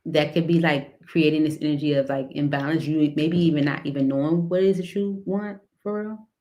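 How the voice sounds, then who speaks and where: A tarot reader gives a casual reading in a deep, warm, steady voice at a fairly quick clip. She rambles loosely, fills her talk with fillers, and laughs a little between cards.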